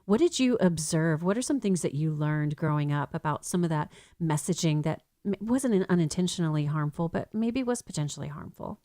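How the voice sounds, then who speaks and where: A middle-aged American woman hosting a faith-based radio talk show, speaking in a casual, animated way. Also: low voice, fairly quick, hardly any pauses, no echo, studio quality. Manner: animated, mimics ads in a sing-song voice.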